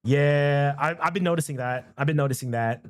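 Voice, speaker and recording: A man with a fairly high voice talks to himself as he trades options. He mutters numbers under his breath, repeats phrases over and over, and swings into loud, excited chanting. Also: a little fast. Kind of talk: casual live trading commentary.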